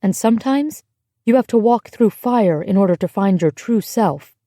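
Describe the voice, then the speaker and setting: Woman playing a gentle but firm American friend, mellow tone, dry close mic. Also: medium pitch, expressive, moderate pace, no room sound, close to an everyday voice. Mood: reassuring. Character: kind, steady American woman in Paris.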